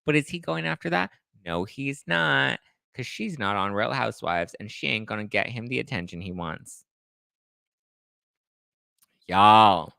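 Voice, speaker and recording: Young guy doing a gossip livestream, chatty and animated, bright crisp voice, dry close sound. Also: moderate pace, dry recording. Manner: chatty, animated, swings into high exclamations. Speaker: livestream host reading chat. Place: home in a city apartment.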